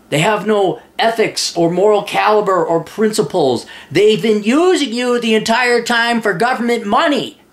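A man hosting a casual advice show, blunt and profane, reading a listener's letter and answering it. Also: high-pitched. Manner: reads listener's letter aloud. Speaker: advice podcast host.

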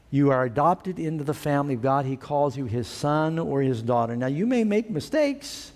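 A man's voice: on the high side, expressive, moderate pace, hardly any pauses, a little mellow. A man preaching a sermon as pastor, putting questions to his congregation and acting out everyday sayings. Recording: long reverb in a hall.

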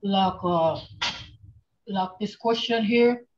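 A woman teaching a language class online, speaking slowly and patiently and repeating phrases for her students. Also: mid-range voice. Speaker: language instructor. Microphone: video call. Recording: dull lo-fi video call audio.

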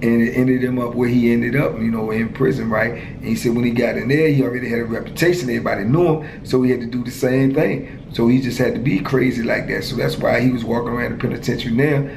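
A man's voice: mid-range voice, steady tone, fast, gravelly, hardly any pauses. A man in his fifties telling a story in casual street slang, filled with "you know" and "man", as a former prisoner, in an echoey room with faint noise.

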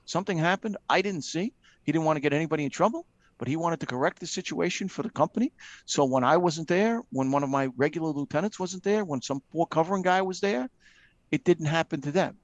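A middle-aged man, a retired fire captain, telling lively stories with frequent ums and acting out the dialogue he quotes. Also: a little high, fast, muffled recording. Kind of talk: casual storytelling in a live video chat.

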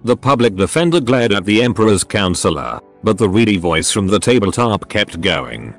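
A man narrates a story in a steady reading voice. His voice sits low and moves with a lively rise and fall. Faint music plays underneath. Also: normal speed, hardly any pauses.

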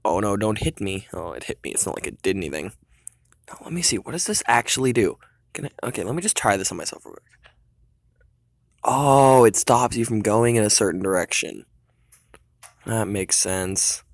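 A man's voice: fairly low pitch, animated, a little fast, vocal fry, dry recording, clean studio sound. Cocky young man narrating his game. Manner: cocky, trash-talking, singing along in bursts. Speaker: gamer. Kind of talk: casual gameplay commentary.

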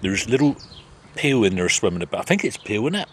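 A man's voice: on the low side, sing-song, fast, a bit bright, slight background noise. A man, rambling through cheeky casual banter as host. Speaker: channel host.

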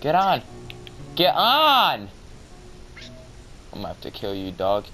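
A young man casually commentating his own game, mumbling to himself and then bursting out in excitement. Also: fairly low pitch, fast, soft background music, rough recording. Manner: excitable, swings from mumbling to yelling. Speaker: gamer. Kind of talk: casual let's-play commentary. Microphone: cheap mic with white noise.

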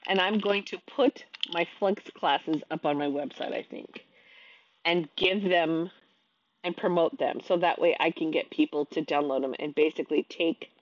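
A woman's voice: fairly low pitch, no room sound, highs cut off. Frustrated woman venting to camera. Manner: frustrated, venting with repeated restarts. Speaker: online teacher and vlogger. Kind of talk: casual talk to camera.

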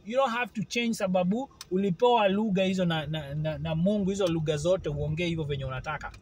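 A man from Kenya, chatting casually to his viewers in an animated way and often checking that they follow. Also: sits high, fast talker, slight background noise, rough recording. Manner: animated, keeps asking if the listener follows. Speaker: vlogger. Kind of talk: casual chat to camera.

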